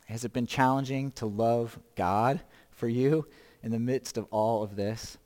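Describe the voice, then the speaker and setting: A man in his fifties gives a sermon in a relaxed, conversational way, asking questions and making small jokes about himself. His voice sits at an ordinary middle pitch. The sound has a long reverb tail, as in a large hall. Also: unhurried. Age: 50s. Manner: conversational, self-deprecating humor, rhetorical questions. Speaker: pastor.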